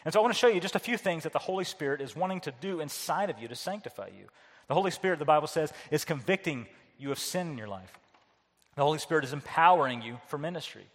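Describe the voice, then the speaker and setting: Male pastor mid-sermon, earnest and questioning, a bit high-pitched, heard in a long-echo hall. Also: expressive, fast talker. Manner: earnest preaching with repeated words and questions to the congregation.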